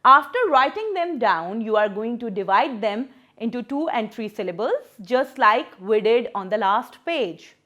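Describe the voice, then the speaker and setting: A woman teacher walks young pupils through a lesson. Her voice sits a little high and rises and falls with animated energy. She stretches words out slowly, clapping them apart syllable by syllable. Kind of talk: children's English lesson.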